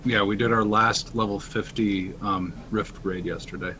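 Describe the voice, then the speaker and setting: A man with a fairly low voice chatting as a guest on a game stream. He rambles easily, pausing with "um" and "uh" as he goes. A faint noise sits behind him. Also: steady tone, sharp tone. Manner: laid-back, rambling, many "um"s and "uh"s. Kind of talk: casual voice-chat conversation.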